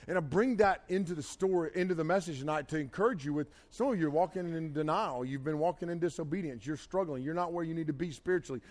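High-voiced emphatic preacher man. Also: quick pace, hardly any pauses, a little mellow. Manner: folksy, emphatic preaching with Southern turns of phrase. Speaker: pastor. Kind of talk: sermon.

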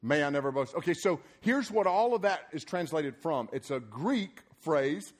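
A man's voice: fairly high pitch, moderate pace. A man preaching a sermon, emphatic and rousing, then loose and joking in conversational asides. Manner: energetic and emphatic, rising into loud repeated punchlines. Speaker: preacher at a summer youth program.

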